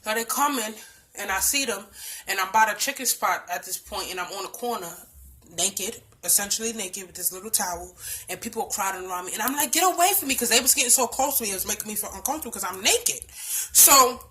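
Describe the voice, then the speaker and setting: Blunt, bright-voiced Bronx woman telling a story. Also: quick pace. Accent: New York (Bronx). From the Bronx, New York. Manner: blunt and emphatic, heavy swearing, swings from hushed to loud and high. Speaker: storytime vlogger. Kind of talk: casual storytime monologue.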